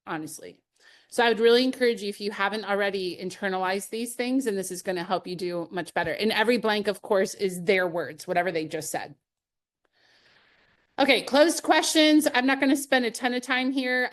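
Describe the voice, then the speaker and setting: A woman's voice: medium pitch, a bit bright. A middle-aged woman leading a live sales training webinar, upbeat and conversational, with personal anecdotes and light laughs.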